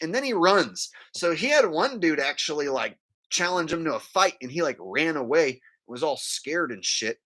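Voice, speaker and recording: Man, live-stream rant, blunt, lively pitch, bright voice. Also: normal speed. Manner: animated, blunt, ranting, many fillers.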